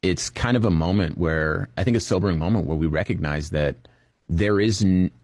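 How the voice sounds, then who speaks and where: A man giving political commentary on a reaction channel, measured and thoughtful, pausing and restarting as he thinks. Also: deep voice, a little mellow, dry recording, clean studio sound.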